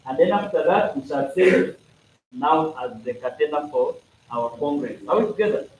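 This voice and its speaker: A man's voice: fairly high pitch, animated, moderate pace, darkish tone, dull audio. A man speaking to a gathering of students, explaining procedures interactively, checking the room often and acting out playful examples. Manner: interactive, keeps asking "are we together?"; playful, acts out examples and jokes. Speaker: speaker at a school congress. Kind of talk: instructional talk to students. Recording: echoey hall from a distant mic, some noise.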